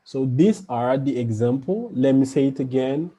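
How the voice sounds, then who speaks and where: A man's voice: mid-range voice, animated, moderate pace, dark tone, husky. A man teaching a French lesson online, patiently repeating each example sentence and explaining it step by step.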